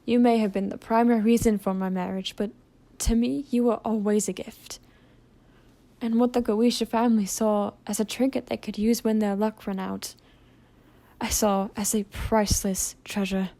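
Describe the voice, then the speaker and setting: A woman voicing a gentle, apologetic aristocratic male owl demon father in a fan audio drama. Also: medium pitch, little pitch movement, moderate pace, natural voice. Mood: tender.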